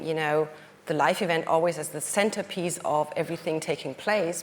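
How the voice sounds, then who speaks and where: A woman with a German accent speaking on a conference panel, often pausing with fillers and restarting her sentences. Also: low-pitched, long reverb tail, slight background noise. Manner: hesitant, many fillers and restarts. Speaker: panelist, company executive.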